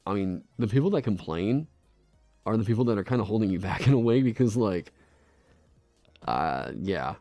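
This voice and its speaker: Animated low-voiced man streaming casually. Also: moderate pace, pauses often, no room sound, faint music behind. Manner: rambling, laughs often, swears freely. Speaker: streamer designing a game class. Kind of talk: casual live-stream chat. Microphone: desk microphone.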